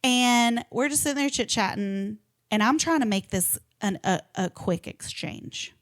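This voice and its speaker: A woman's voice: a little high, measured pace. A woman co-hosting a podcast, telling a story in casual chat and acting out what people said. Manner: animated, acts out quotes, swears and laughs. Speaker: podcast co-host.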